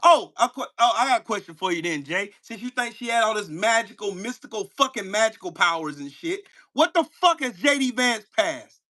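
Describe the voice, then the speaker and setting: A man hosting his own channel, delivering a heated, profane political rant at a commenter, firing rhetorical questions and bursting into shouts. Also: high-pitched, lively intonation, fairly quick, hardly any pauses. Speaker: channel host. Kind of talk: angry political rant to camera.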